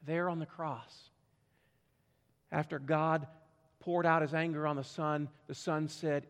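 A high-voiced pastor preaches a sermon in a church sanctuary, emphatic and swinging from loud to hushed, yet flat in delivery, slow, and pausing often. The church hall adds a long reverb.

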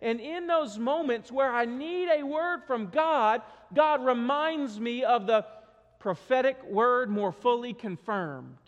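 A man's voice: very high-pitched, lively intonation, slow, muffled recording. A man preaching a sermon, earnest and emphatic, repeating key phrases to drive them home. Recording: reverberant hall.

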